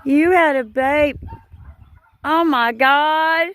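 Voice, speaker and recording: High-voiced woman coaxing cattle outdoors. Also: very slow, a bit bright, no room sound. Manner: coaxing, sing-song calling to animals. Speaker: vlogger. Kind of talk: casual vlog, talking to cattle. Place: outdoors by a cattle fence on a farm.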